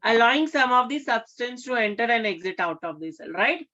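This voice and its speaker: A woman teaches a science lesson in a bright, fairly high voice. She keeps repeating key terms and checking in with her class. The audio is dull and lo-fi. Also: lively intonation, fairly quick. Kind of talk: classroom lecture.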